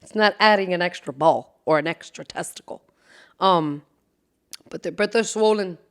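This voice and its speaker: A woman with a lowish voice talks at normal speed while hosting her casual solo podcast. Brash and profane, she laughs frequently, throws in Spanish phrases and shifts to loud whispers for side comments.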